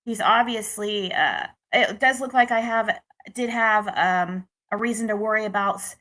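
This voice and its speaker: This is a young American woman vlogging a casual, rambling dating story for her viewers, complete with restarts and irritated venting. Her voice is medium-pitched, a bit bright, at a normal speed.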